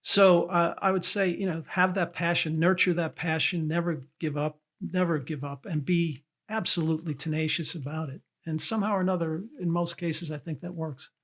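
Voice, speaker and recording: A man's voice: a little high, fairly even intonation, a little fast, few pauses, a bit bright. Scratchy-voiced older man giving earnest advice. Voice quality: scratchy, dry voice. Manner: earnest, repeats key advice for emphasis. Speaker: cinematographer guest. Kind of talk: reflective interview answers.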